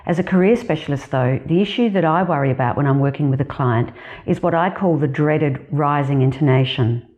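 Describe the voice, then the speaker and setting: A woman with an Australian accent, a career specialist giving measured, deliberate advice in a scripted talk to camera. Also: sits low, dull audio.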